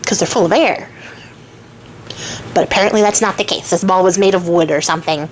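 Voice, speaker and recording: A woman's voice: fairly low pitch, fairly quick, slight background noise, poor audio. A woman retelling a fairy tale for her craft channel in a casual, chatty way, full of joking asides and digressions. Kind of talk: casual storytelling.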